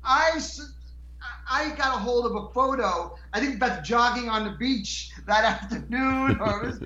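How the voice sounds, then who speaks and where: A man's voice: very high-pitched, unhurried, roomy sound, muffled recording, background noise. A man telling stories as a guest in a casual chat, rambling and laughing, with frequent restarts.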